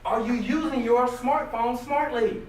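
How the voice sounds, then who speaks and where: A man giving an animated, joking motivational talk to a live audience, often quizzing the crowd. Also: extremely high pitch, measured pace. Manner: animated, jokey, questions the crowd. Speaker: motivational speaker. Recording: distant echoey room recording with noise.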